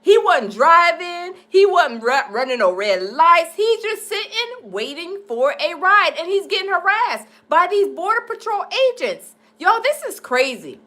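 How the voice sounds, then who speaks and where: A woman's voice: very high-pitched, a little slow, hardly any pauses. A woman hosting a live stream, chatting casually and laughing as she reacts to a video for her viewers. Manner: animated, laughing, addresses viewers as y'all.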